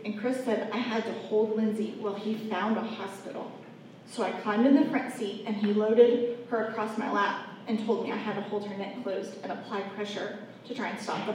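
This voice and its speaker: Addressing her listeners head-on, a woman tells a heartfelt, earnest story of her faith. The mic sits at a distance in an echoey room, catching faint background noise along with her mid-range, darkish voice.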